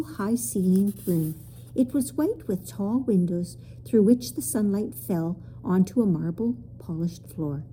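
A woman narrating a children's story aloud, expressive in her reading. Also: mid-range voice, slight background noise. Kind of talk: audiobook narration.

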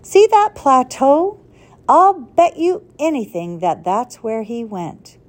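A woman reading aloud and voicing an excited elderly male professor on an expedition, with an eager, knowing storybook manner. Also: high voice, takes it slowly, full character voice.

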